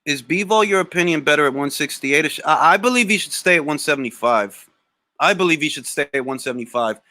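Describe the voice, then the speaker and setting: Animated, slangy man hosting a boxing Q&A. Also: a little high, fairly quick, no echo. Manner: animated, blunt, slangy, swears. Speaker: boxing talk show host. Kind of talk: live Q&A reading chat comments.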